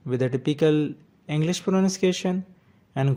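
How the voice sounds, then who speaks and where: A man hosting a scripted pronunciation lesson, speaking with slow, careful enunciation. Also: medium pitch, mellow. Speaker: pronunciation teacher.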